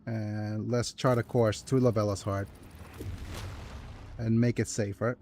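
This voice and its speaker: A man playing through a strategy game, talking softly and hesitantly as he reads menus and plans quests. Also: flat delivery, measured pace, a little hiss or hum. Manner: soft low-key delivery, calling it his ASMR voice. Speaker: gaming video host. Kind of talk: let's play commentary.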